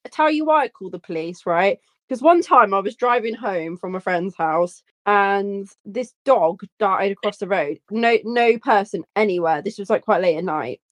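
A woman co-hosting a casual podcast, teasing and quick with dry asides. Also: medium pitch, no room sound. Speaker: podcast co-host.

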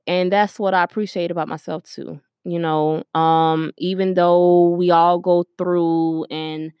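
A woman's voice: on the low side, little pitch movement, unhurried, hardly any pauses, a little mellow, clean tone, no echo, studio quality. A young woman hosting her own podcast, talking through her thoughts in an earnest, reflective way, full of ums and you-knows, while recording at her workplace store. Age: young adult. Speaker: podcast host. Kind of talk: casual solo podcast monologue.

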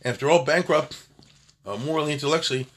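A man's voice: on the high side, quick pace, a bit bright. A man teaching an informal Torah class in a conversational, digressive way, often checking in with his listeners.

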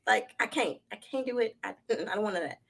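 A young woman co-hosting a podcast, chatting casually about celebrity gossip in an animated, slangy way and laughing often. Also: fairly high pitch, fast talker, vocal fry. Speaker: podcast co-host.

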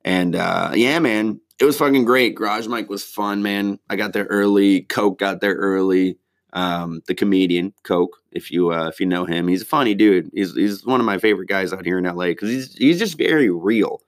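A man with a deep, low voice talks casually and at length, rambling from one point to the next. He swears constantly and drops slang as he goes. He sounds like a comedian recapping his week for his regular audience. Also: moderate pace. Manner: rambling, heavy swearing, laid-back slang. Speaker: stand-up comedian.

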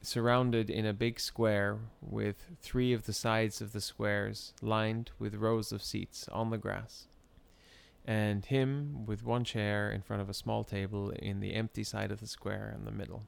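A man telling a story in casual chat, animated and often breaking into laughter. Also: lowish voice, a little slow, gravelly, clear, resonant tone.

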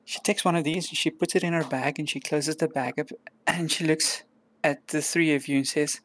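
A woman narrating a tabletop role-play game as game master, calm and descriptive. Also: low-pitched, moderate pace, slight background noise.

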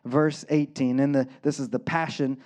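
A man's voice: mid-range voice, little pitch movement, moderate pace, a little mellow. A male pastor giving a conversational sermon, often checking in with "right?" and acting out quotes.

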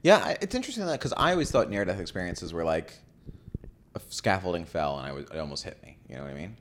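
A man's voice: low-pitched, sing-song, fairly bright tone, a little hiss or hum. A man co-hosting a podcast, cracking jokes and swearing in casual chat. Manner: jokey, swears, quick quips. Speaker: podcast co-host.

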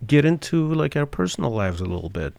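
A man's voice: medium pitch, big pitch swings, vocal fry, darkish tone, dry recording. A man co-hosting a podcast in casual chat, speaking hesitantly with many fillers and restarts. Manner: hesitant, halting, full of fillers. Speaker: podcast co-host.

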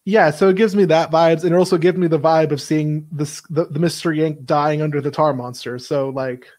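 Higher-voiced joking male podcast host. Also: steady tone, fairly quick, a little mellow. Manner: playful, jokey. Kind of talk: casual watch-along chat.

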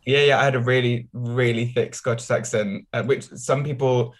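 A man co-hosting a podcast, telling relaxed stories with light laughs. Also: mid-range voice, normal speed, a crowd in the background. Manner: relaxed storyteller with many ums and light laughs. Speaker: podcast co-host. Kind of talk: casual podcast chat.

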